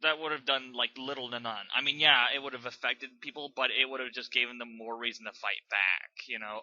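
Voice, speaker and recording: Exasperated young man with a bright voice. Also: medium pitch, steady tone, brisk, few pauses, no room sound, dull audio. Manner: exasperated, sarcastic, swears a lot. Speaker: channel host reviewing fanfiction. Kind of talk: dramatic reading and rant commentary.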